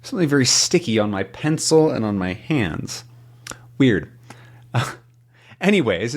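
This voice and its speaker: A man teaching English to learners, reading a comic aloud with slow, clear explanations. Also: mid-range voice.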